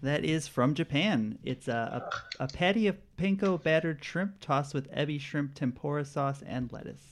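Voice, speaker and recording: A man hosting a casual quiz podcast, relaxed, chuckling often and filling pauses with uhs. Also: on the high side, a little hiss or hum. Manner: laid-back, chuckling, with filler uhs. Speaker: quiz host.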